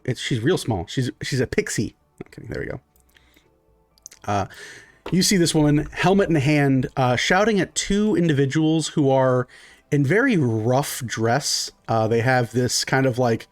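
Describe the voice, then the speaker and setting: A man's voice: mid-range voice, a little mellow, dry recording. Man narrating as game master, loose and rambling, dry recording. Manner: rambling, many fillers and restarts.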